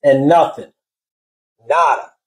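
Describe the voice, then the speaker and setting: A man with a high-pitched voice for a guy talks through a book in a loose, slangy way. He gets excitable and swears freely, often acting out his own inner reactions as he goes. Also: takes it slowly, rough recording. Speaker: book reviewer. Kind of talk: casual spoiler-filled book review.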